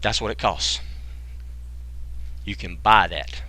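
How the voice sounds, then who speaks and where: Slow and fairly low, this man's voice still sounds pushed and bright. He hosts an online sales webinar for a business program, joking with the live audience and rattling off rhetorical questions in folksy slang.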